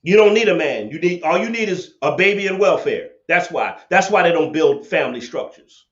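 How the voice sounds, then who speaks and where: With a slightly high voice, brisk delivery and lively intonation, a livestream host rants and takes callers for debate over his laptop webcam. He's preachy and combative, repeating himself, and the webcam sound is dull, echoey and lo-fi.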